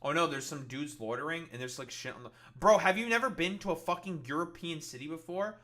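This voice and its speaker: A man's voice: fairly high pitch, brisk, fairly bright tone. A man hosting a casual reaction show, mocking a video in a profane rant. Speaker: podcast host reacting to videos.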